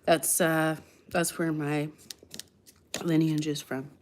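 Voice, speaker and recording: A young woman from Canada's west coast talks on a live stream in a loose, rambling way. Her voice sits a little low, and she restarts sentences often. At times her voice sinks almost to a whisper. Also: slow pace, slight background noise. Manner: rambling, relaxed, answers chat, many restarts. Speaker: livestreamer. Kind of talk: casual live-stream chat.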